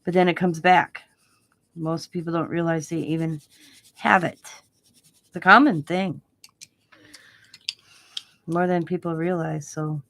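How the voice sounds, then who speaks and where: A woman's voice: lowish voice, little pitch movement, a little slow, pauses often, fairly bright tone, no echo. A woman hosting a casual craft live stream, chatting and telling stories in a rambling way while she works. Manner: rambling, chatty storytelling with laughs. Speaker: craft channel host.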